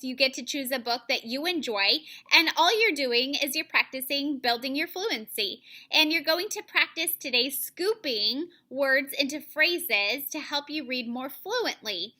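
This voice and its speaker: Bright high-voiced woman teacher. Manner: clear, deliberate modeling of phrasing. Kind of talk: online reading lesson for children.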